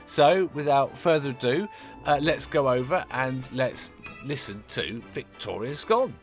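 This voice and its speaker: A man hosting a podcast, chatty and rambling with many fillers, his voice lowered by a slight cold. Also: animated, measured pace, soft background music. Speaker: podcast host. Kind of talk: casual interview chat.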